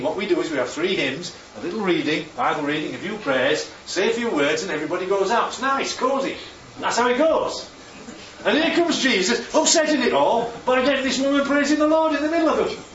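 A man preaching a sermon, lively and constantly checking in with his listeners by asking "right?" and "yeah?". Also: high-pitched, brisk. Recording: echoey, distant, dull sound with faint ambience.

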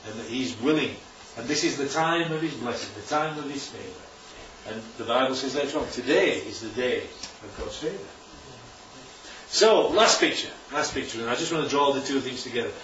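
A man of medium pitch, with lively intonation and a fairly bright tone, speaks at a moderate pace while preaching informally in a church hall. Using slides, he frequently asks "right?" and "isn't that lovely?". The roomy, distant, dull recording has a little hiss or hum.

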